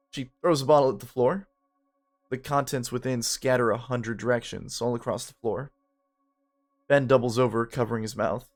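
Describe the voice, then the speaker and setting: A casual narrator reading a story game aloud in the first person. Their delivery is even and matter-of-fact, and they drop relaxed asides between passages. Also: mid-range voice, moderate pace, soft background music.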